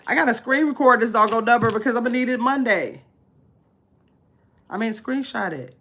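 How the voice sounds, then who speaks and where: A woman's voice: animated, brisk, bright, forceful tone. Chatty woman hosting a livestream. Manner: chatty, talks to her viewers while muttering to herself; drops to a low mumble while searching her phone. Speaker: livestream host. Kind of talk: casual livestream chat.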